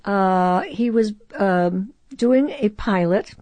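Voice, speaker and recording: A woman in her eighties, a guest actress telling stories in an expressive, animated way in a casual conversation. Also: mid-range voice, slow pace, no echo. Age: 80s. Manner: animated storyteller, warm and expressive. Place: host's garage studio.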